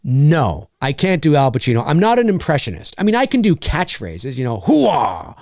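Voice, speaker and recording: Animated man chatting in a dry studio. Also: on the high side, fairly quick, dry recording. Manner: animated, rambling with frequent restarts. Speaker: voice actor hosting a viewer Q&A. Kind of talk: casual livestream chat. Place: home recording studio.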